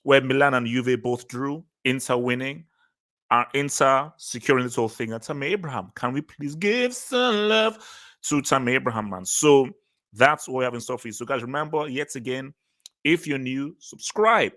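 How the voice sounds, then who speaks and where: A man's voice: medium pitch, normal speed, fairly bright tone. A man hosting a casual football livestream, talking loosely with repeated phrases and easy laughs. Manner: loose, repetitive, laughing easily. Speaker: host.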